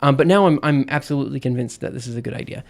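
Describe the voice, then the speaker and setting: A man's voice: mid-range voice, racing, creaky, darkish tone. A man streaming, casually explaining things as he thinks aloud, hesitant and full of restarts. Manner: hesitant, many fillers and restarts while explaining.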